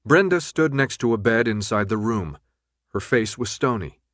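A male audiobook narrator with a steady, measured delivery and a mid-range voice. The recording is dry and close, with no room sound at all. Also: mid-range voice, no room sound. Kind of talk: scripted narration.

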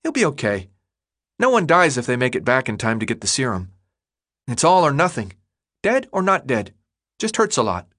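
A man reading aloud and voicing a chubby, cheeky twelve-year-old boy with a high childish pitch. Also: big pitch swings, a bit bright. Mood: reassuring. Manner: blunt, cheeky, quick-talking.

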